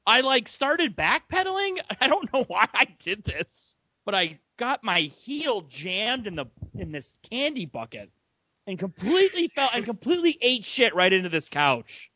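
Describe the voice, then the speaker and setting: A man's voice: high voice, moderate pace. A young man co-hosting a casual sports podcast, telling stories with laughter. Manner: animated storyteller, laughs while telling stories. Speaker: podcast co-host.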